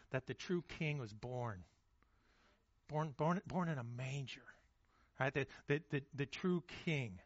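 A man's voice: a little high, fairly bright tone, dry recording, dull audio. A man preaching a sermon in a casual, conversational way, often repeating words as he restarts and checking in with "okay?" and "right?". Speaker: pastor.

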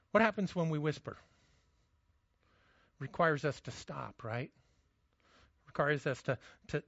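A man preaching a sermon, telling a story with energy and dropping to a hush for the quiet moments. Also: a little high, dry recording, highs cut off. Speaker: pastor.

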